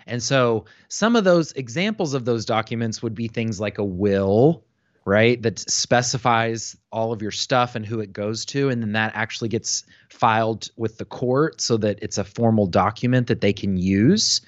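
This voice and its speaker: A man co-hosting a podcast, calmly explaining planning matters in a casual tone. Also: fairly low pitch, normal speed, dry recording, muffled recording. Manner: calm, explains plainly. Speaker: podcast co-host, planning advisor.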